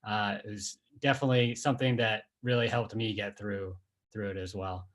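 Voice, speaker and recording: A man hosting an interview on a video call, asking calm, measured questions with some fillers. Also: on the low side. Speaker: interviewer host.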